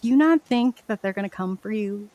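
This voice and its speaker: A woman guest telling her story in a casual, animated, rambling way, often restarting her sentences. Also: medium pitch, fairly quick, dry recording. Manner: animated, rambling, frequent restarts and self-corrections.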